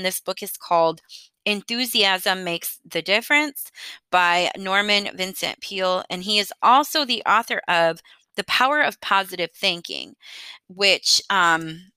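Bright, chatty woman podcaster. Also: fairly low pitch, smooth, dry recording. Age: 30s. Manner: chatty and earnest, laughing lightly as she talks. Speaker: podcast host. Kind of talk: casual solo podcast monologue.

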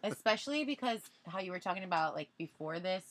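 A woman's voice: lowish voice, lively intonation, fast talker. A woman talking as a podcast guest in easygoing casual chat. She leans on filler words and keeps an encouraging, sincere tone toward her hosts. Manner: chatty, heavy on "like" fillers, encouraging.

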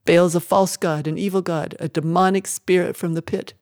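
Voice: medium pitch, steady tone, a little fast, darkish tone, no room sound, studio quality, lightly acted. A reader voicing Elijah, a harsh wild prophet. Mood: furious. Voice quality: harsh, gritty. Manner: fiery, declaiming. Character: wild harsh older male desert prophet. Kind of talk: audiobook character voice.

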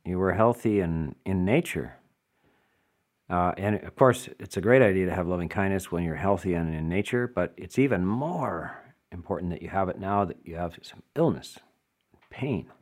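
A man teaches as a Buddhist meditation teacher, his voice rising and falling across a wide, animated range. He explains with emphasis, often turning to rhetorical questions to drive a point home. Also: sits low, moderate pace. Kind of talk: dharma talk answering listener questions.

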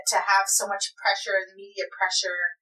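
A woman with a bright, forceful voice, heard a little far from the mic. She weighs in with firm opinions and short, emphatic reactions in a relaxed chat. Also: medium pitch, normal speed. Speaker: podcast co-host. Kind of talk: casual chat about a drama.

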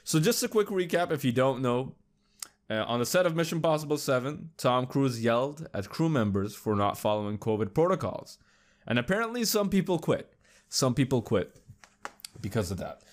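A young man talks through his solo podcast episode in a loose, meandering way, circling back on himself and swearing freely. His voice sits at an ordinary mid pitch for a man, and he sounds like he is just chatting casually. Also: very animated, moderate pace. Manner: loose, rambling, heavy swearing. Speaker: podcast host.

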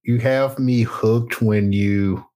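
A man's voice: mid-range voice, steady tone, slow, dark tone. A man co-hosting a podcast in casual chat, speaking in a laid-back way and repeating words as he starts sentences. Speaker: podcast co-host.

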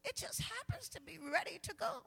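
A woman guest minister preaching a sermon at a women's conference, swinging from low asides to loud shouted calls, with playful jabs at the congregation. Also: sing-song, a little fast, creaky.

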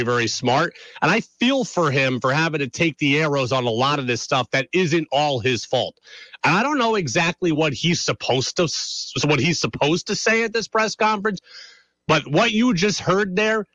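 A man hosting a sports radio show, talking through an animated, opinionated monologue with rhetorical questions. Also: a little high, dry recording, rough recording.

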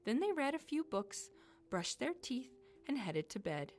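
A woman reading a children's story she wrote herself, telling it expressively with dramatic pauses. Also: sits high, very animated.

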